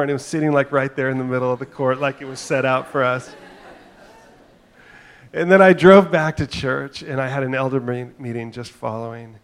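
A man's voice: mid-range voice, moderate pace. A middle-aged man preaching a sermon as pastor, talking in a conversational, storytelling way with asides and frequent "right?".

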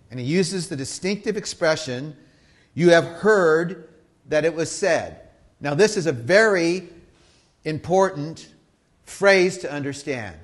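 Male pastor with a fairly high voice, conversational and emphatic, moving between loud stress and soft asides. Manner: conversational teaching, checks in with listeners. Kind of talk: sermon.

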